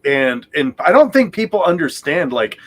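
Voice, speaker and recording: A man's voice: fairly high pitch, big pitch swings, normal speed, a little hiss or hum. A man guesting on a podcast, chatting casually and swearing freely. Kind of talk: casual chat.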